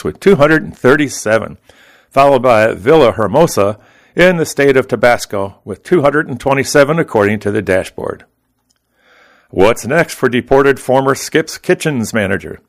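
A man reading newspaper articles and the weather forecast aloud for a radio reading service, in a steady, plain delivery. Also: mid-range voice. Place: Arizona.

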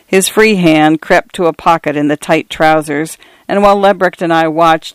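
A woman narrating short stories as a radio reader, in a measured, clear, even delivery. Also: sits low, no echo.

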